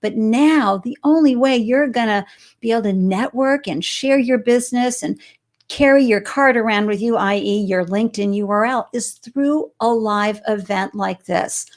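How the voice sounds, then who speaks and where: A woman's voice: fairly high pitch, moderate pace. A woman from Boston hosting a live-stream interview show, bubbly and effusive as she welcomes viewers and her guest. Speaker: host.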